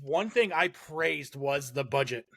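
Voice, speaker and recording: A laid-back man co-hosts a podcast, talking in easygoing slang and calling everyone dude. His gravelly voice has a bright edge, and the recording is bone dry with no room sound at all. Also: mid-range voice, lively intonation, unhurried, dry recording. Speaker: podcast co-host. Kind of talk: casual chat.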